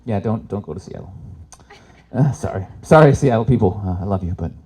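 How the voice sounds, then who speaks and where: A Canadian man does stand-up on an expo stage before a live crowd, acting out the people in his animated stories with different voices. His voice is lowish and slightly rough, and he talks fairly quickly.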